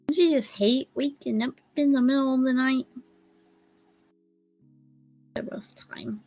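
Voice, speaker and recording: A woman's voice: high-pitched, unhurried, pauses often, a little mellow, faint music behind. A woman chatting casually on a live stream as a guest, playful and giggly, teasing her viewers.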